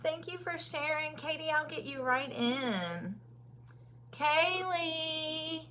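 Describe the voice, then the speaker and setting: A woman's voice: high-pitched, expressive, slow pace, sharp tone. A woman from Kentucky with a Southern accent, hosting a casual makeup live stream and chatting with viewers by name between many ums.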